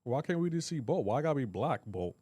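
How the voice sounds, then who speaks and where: A man's voice: medium pitch, very animated, brisk, mellow, husky, no room sound. Joking streamer man chatting with his viewers. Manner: joking, reads and answers chat aloud. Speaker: game streamer. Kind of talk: casual live-stream chat.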